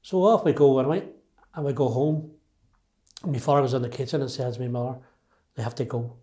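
A man in his sixties with a Derry accent talks in a mellow, darkish voice at a middling pitch. He speaks emphatically, often restarting his sentences as he tells his own story. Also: a little fast. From Northern Ireland. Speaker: interviewee. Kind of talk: personal storytelling.

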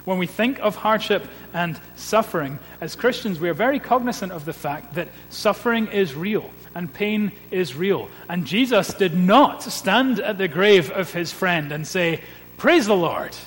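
A male pastor preaching a sermon in an earnest, measured way, building points with repeated refrains. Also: high-pitched, animated. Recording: long reverb with faint hum.

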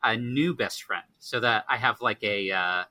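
Male player, hesitant and wry, bright forceful tone, dry close mic. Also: on the low side, unhurried, dry recording. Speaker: tabletop game player. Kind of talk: casual game chat.

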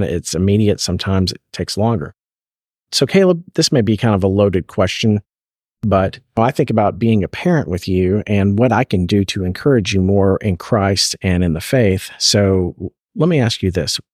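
A man's voice: low-pitched, darkish tone, husky, no echo, studio quality. A man hosting a faith podcast, asking earnest questions and quoting scripture in casual conversation. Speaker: podcast host, parent.

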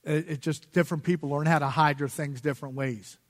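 A man's voice: fairly high pitch, steady tone, fairly quick. A man sharing his personal testimony in a sermon, casual and self-laughing, with street slang. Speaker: guest speaker giving testimony in church. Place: church sanctuary. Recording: long reverb of a church hall.

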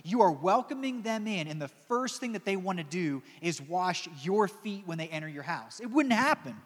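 A higher-voiced preacher in a reverberant church. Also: male voice, animated, normal speed. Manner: storytelling, dramatizing, joking asides. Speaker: pastor. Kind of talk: sermon.

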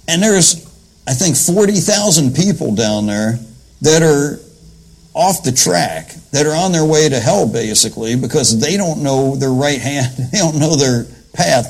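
Gravelly-voiced man preaching folksy. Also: medium pitch, lively intonation, normal speed, rough recording. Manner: folksy, retells scripture in plain everyday talk. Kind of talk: conversational sermon.

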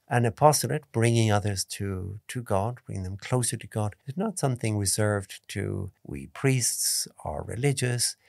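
A priest giving a calm, measured spoken meditation, stressing key points by repeating them. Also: male voice, lowish voice, gravelly, no echo, studio quality. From Ireland. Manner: calm, measured teaching tone with emphatic repetitions.

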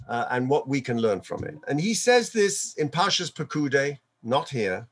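A man giving a Torah sermon as a rabbi, weaving in Hebrew quotations and chuckling often as he explains. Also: mid-range voice.

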